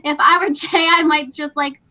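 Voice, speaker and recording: A young woman co-hosting a podcast in casual, excitable chat, full of "like" and quick laughs. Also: sits high, dull audio. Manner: chatty, excitable, frequent "like" and laughs. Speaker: podcast co-host.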